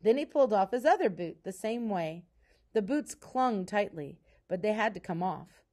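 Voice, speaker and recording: Calm woman reading a storybook aloud. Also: mid-range voice, moderate pace. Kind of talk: reading a children's novel aloud.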